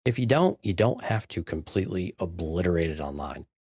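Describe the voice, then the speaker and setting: A man with a very deep voice talks through his views as a podcast co-host. He sounds easygoing and reflective. The recording is dry and close. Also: lively intonation, fairly quick, darkish tone, breathy edge, no room sound. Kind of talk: casual chat.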